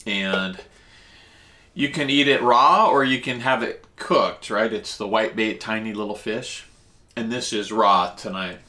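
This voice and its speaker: A man hosting a casual food vlog, tasting dishes and explaining Japanese food words as he eats, talking with his mouth full. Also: a little slow. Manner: eats while talking, with lively jumps in pitch.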